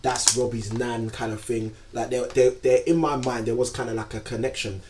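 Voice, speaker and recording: A man calmly explaining his side of the story, stressing points with a repeated "okay?". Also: mid-range voice, normal speed, noisy background. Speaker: vlog co-host. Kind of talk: reflective couple chat. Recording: distant mic.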